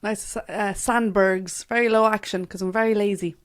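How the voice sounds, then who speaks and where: A woman's voice: medium pitch, fairly even intonation, normal speed. A young Irish woman hosting an interview, chatting cheekily and laughing through her stories. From Ireland. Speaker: interview host. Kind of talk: casual interview chat.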